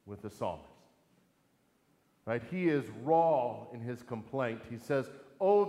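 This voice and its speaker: A man preaching a sermon in an earnest, emphatic way, asking rhetorical questions. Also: high voice. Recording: echoey hall with long reverb.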